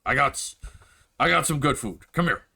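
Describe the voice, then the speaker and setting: A man voicing a big, friendly male orc innkeeper who talks in a gruff, welcoming way in a tabletop role-play. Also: mid-range voice, animated, moderate pace, bright, forceful tone, exaggerated voice. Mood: hearty. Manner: gruff, friendly, pushes food on guests.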